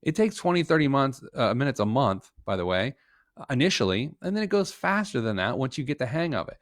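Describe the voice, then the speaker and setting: A man with a mid-range voice walks viewers through a budget in a casual live-stream tutorial. He is chatty and joking, with lots of quick asides and restarts. The sound is dry and close, as if from a computer mic at a home desk. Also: medium pitch, big pitch swings, no room sound. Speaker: financial planner teaching a live budgeting session.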